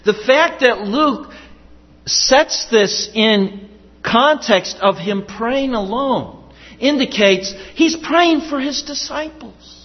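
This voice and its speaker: A man's voice: very high-pitched, animated, takes it slowly. A man preaching a sermon in an earnest, emphatic way, repeating his key questions. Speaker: pastor. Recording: dull sound with long hall reverb.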